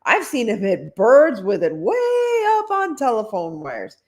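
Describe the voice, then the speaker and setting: A woman voicing a middle-sized child in a ghost costume, telling tales excitedly. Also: on the high side, unhurried, pitched above the performer's own voice, full character voice.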